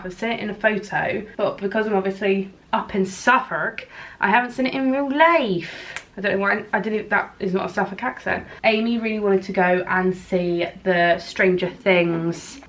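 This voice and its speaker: A woman's voice: medium pitch, a bit bright. A woman in her late twenties from England, chatting casually and rambling in a vlog. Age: 20s. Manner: chatty, rambling, self-deprecating. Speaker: vlogger.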